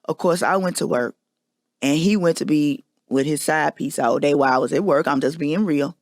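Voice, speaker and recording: Woman host, candid confessional monologue, gravelly tone, dry close recording. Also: deep voice, normal speed, no room sound. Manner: candid, emphatic storytelling. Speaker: podcast host.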